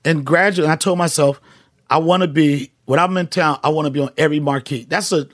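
A man's voice: fairly high pitch, steady tone, a little fast, dry recording, studio quality. A middle-aged male comedian, telling emphatic, profane stories as a podcast guest. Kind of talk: casual podcast chat.

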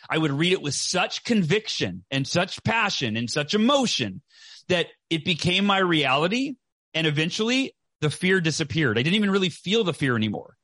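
A man's voice: a little high, a bit bright, dry recording. A man talking in an emphatic motivational way during a conversation, who often tags his points with "right?". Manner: emphatic, repeats "right?" often, quick bursts.

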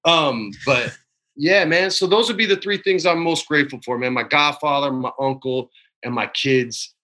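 Pushed and bright, this man's voice runs on the high side at normal speed. He's in his forties and a guest in a relaxed interview, emotional and open, frequently saying "man" and "dude".

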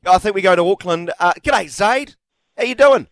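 A man's voice: high voice, lively intonation, moderate pace, fairly bright tone, no room sound. A man hosting talkback radio, bantering and teasing callers. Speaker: radio host.

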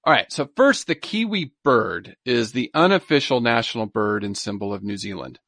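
A podcast co-host in his thirties chats casually and enthusiastically, repeating words for emphasis. His mid-range, fairly bright voice has lively intonation and a moderate pace, captured dry in a clean studio.

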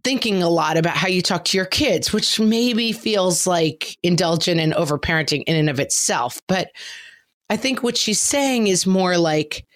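Chatty, animated woman podcast host. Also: on the low side, moderate pace. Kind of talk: casual podcast chat.

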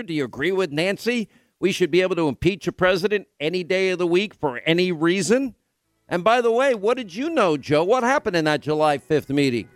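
Brisk male radio host with a dry sound. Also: sits high, no echo. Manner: rapid-fire rhetorical questions. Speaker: radio talk show host. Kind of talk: political talk radio. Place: remote broadcast location.

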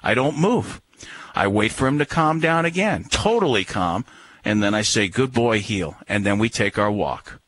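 A man's voice: lowish voice, lively intonation, moderate pace, fairly bright tone, no room sound. Firm, coaching man on the radio. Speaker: radio guest giving dog advice. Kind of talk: casual radio chat.

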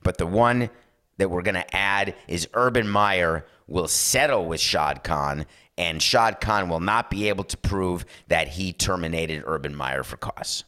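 A man in his fifties hosting a sports talk show, delivering an opinionated, sarcastic monologue. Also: deep voice. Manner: animated, sarcastic, slips into mock voices.

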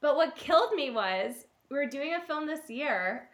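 A woman's voice: high-pitched, measured pace. A woman who works as a casting director and producer, telling stories in a casual interview and laughing often. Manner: animated, laughing storyteller. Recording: roomy echo.

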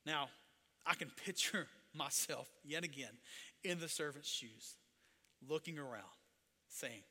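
A man preaching a sermon. He moves between hushed storytelling and loud, impassioned passages. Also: fairly high pitch, takes it slowly, pauses often, in a large hall. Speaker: pastor.

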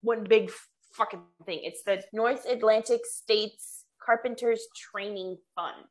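A woman's voice: medium pitch, a little slow. A young woman co-hosting a podcast, chatting casually, swearing and laughing as she tells stories. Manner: animated, swearing, laughing storyteller. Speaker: podcast co-host. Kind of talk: casual chat.

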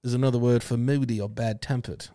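A man's voice: medium pitch, steady tone, fast, mellow. A man co-hosting a podcast, trading crude, joking banter in casual chat. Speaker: podcast co-host.

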